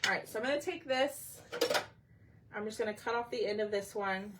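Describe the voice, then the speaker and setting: A woman's voice: medium pitch, brisk, background noise. A woman hosting a casual craft tutorial livestream, chatting with her viewers and her pets while she works.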